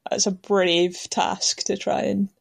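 A woman's voice: mid-range voice, flat delivery, slow, gravelly, husky. A woman chatting casually on a podcast with dry humor.

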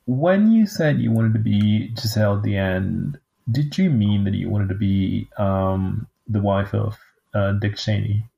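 A man's voice: on the low side, measured pace, vocal fry, hardly any pauses, mellow, lo-fi sound. A man chatting casually about a film, asking teasing questions. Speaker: podcast co-host discussing a film. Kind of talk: casual chat.

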